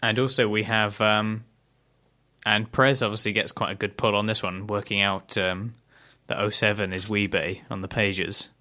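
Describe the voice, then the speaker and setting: A man's voice: lowish voice, little pitch movement, normal speed, pushed and bright. A man co-hosting a podcast, chatting casually and analytically about a TV episode and reading out plot summaries. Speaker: podcast co-host. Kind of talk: casual discussion.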